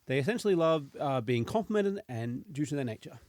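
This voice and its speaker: A man hosts a relaxed podcast, reading his notes with frequent ums and easy laughter. His voice sits at a middle pitch. The recording is dry and close. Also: a little fast, no room sound. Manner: reads notes with many fillers, laughs easily. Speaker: podcast host presenting dragon lore. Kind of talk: casual podcast chat.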